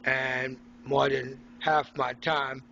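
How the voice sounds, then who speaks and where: A man's voice: mid-range voice, level tone, takes it slowly, creaky, pushed and bright. A man from Haiti delivering an angry, rambling, profane monologue as a personal video log from a hospital room. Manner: ranting, profane, mocking. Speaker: vlogger recording a personal log. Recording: dull lo-fi with faint noise.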